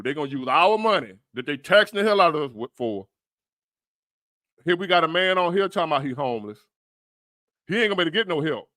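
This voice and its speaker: A man's voice: fairly high pitch, a bit bright, no room sound, studio quality. A man giving blunt, profane, rambling reaction commentary on a livestream. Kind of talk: reaction commentary on a news clip.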